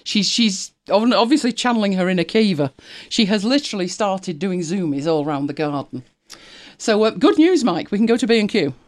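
A woman's voice: mid-range voice, lively intonation, a little fast, a little mellow. A woman from Britain co-hosting a casual chat stream, sarcastic and chatty, laughing often and thinking aloud as she reads. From United Kingdom. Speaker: co-host of a live stream.

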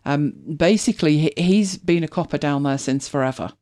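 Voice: mid-range voice, fairly quick, darkish tone. A host with a British accent, chatting casually and rambling with many restarts. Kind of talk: casual chat.

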